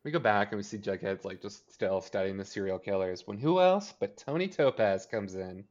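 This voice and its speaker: Male podcast co-host, lowish voice, loose rambling recap full of "like", muffled lo-fi sound. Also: normal speed, a little mellow. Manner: rambling, filler-heavy, acts out character lines. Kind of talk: casual TV episode recap chat.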